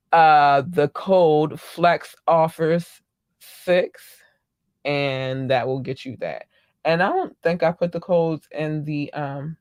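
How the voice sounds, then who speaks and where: Excitable woman podcast host, dry close mic. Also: low-pitched, no echo. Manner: gushing, excitable, squeals in delight. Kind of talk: casual solo podcast chat.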